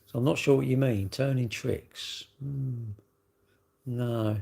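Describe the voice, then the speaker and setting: A man's voice: mid-range voice, steady tone, takes it slowly, creaky, dark tone. A middle-aged English man chatting casually on his own livestream, rambling and full of tag questions. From England. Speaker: livestream host.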